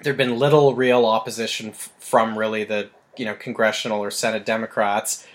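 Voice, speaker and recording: A man's voice: on the low side, flat delivery, fairly quick. A man co-hosting a casual podcast review, talking in a rambling way full of "like" fillers. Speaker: podcast co-host. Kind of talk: casual film-review chat.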